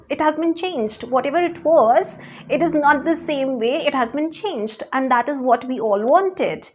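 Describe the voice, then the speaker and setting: A woman with a high voice speaks earnestly about her faith in a personal testimony. She often repeats her words while she searches for the right ones. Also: slight background noise. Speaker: faith vlogger.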